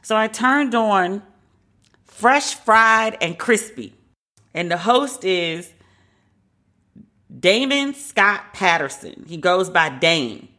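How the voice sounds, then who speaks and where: A woman's voice: mid-range voice, lively intonation, slow, pauses often, bright, forceful tone. A woman hosting a podcast, giving her frank opinions in a casual, conversational way. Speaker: podcast host.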